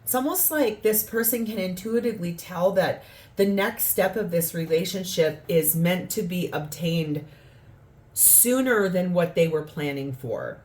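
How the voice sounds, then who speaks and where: A woman's voice: lowish voice, expressive, a little slow, darkish tone. A woman giving a spoken tarot reading, earnest and rambling, sometimes acting out what people say. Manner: earnest, rambling, acts out quoted lines. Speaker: tarot reader.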